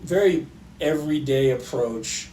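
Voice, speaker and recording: A middle-aged man, an orthopaedic surgeon, tells stories in a relaxed way, with many fillers and restarts. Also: mid-range voice, measured pace, roomy sound, distant mic, a little hiss or hum, poor audio. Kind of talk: conversational storytelling interview.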